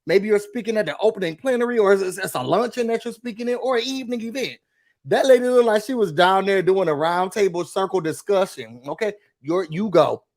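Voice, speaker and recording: High-voiced man gossiping about reality TV. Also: brisk. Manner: animated, mimics cast members in gossipy asides. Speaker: recap show host. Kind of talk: casual TV recap chat.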